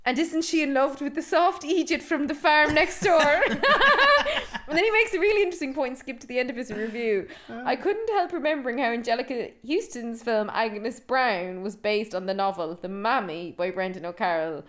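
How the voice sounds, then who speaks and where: Laughing Irish woman podcaster, higher voice. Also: expressive, normal speed. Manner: reads review quotes aloud, laughing often. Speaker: podcast co-host. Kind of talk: casual film-review chat.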